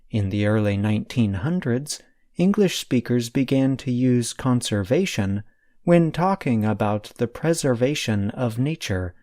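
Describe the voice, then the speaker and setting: A man teaching a scripted vocabulary lesson at an unhurried pace, his pitch rising and falling a lot as he explains. His voice is warm and mellow, recorded dry and close with no room sound. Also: no echo. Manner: careful, deliberate explaining. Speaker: podcast language teacher.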